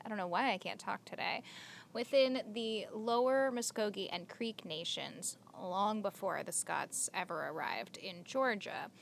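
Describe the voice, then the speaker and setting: A woman's voice: mid-range voice, gravelly, fairly bright tone, slight background noise. A young woman co-hosting a podcast, chatty and giggly, telling a story with lots of filler words. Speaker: podcast co-host. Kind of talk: casual podcast chat.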